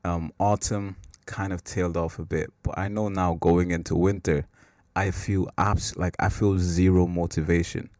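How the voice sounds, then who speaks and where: A man with a very low voice hosts a faith podcast in a relaxed, wandering way. He leans on "like" a lot and laughs at his own slips. The sound is close and dry. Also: moderate pace, no room sound. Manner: rambling and self-mocking, with filler "like". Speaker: podcast host. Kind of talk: casual faith talk.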